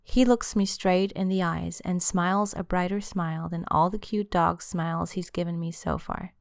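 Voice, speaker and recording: A woman's voice: lowish voice, fairly even intonation, moderate pace, vocal fry, no echo, clean studio sound. Woman narrating her own audiobook. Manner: intimate first-person storytelling.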